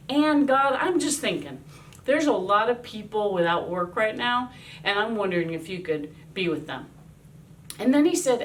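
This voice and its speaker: Woman army chaplain in her fifties telling a devotional story, animated delivery, set back from a distant mic. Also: on the high side. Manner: lively, acts out quoted voices.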